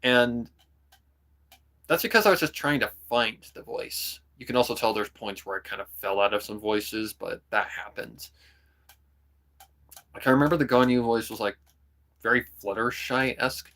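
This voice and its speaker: Rambling young man with a lowish voice. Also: moderate pace, fairly bright tone. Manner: rambling, full of "kinda" and "like", jumps into voice demos. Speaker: streamer and hobby voice actor. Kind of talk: casual livestream chat.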